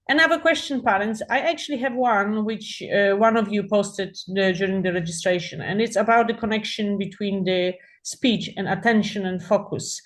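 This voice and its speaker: A woman moderating a parent webinar over a video call, politely passing on questions with hesitant fillers. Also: mid-range voice. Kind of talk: hosting a parent Q&A.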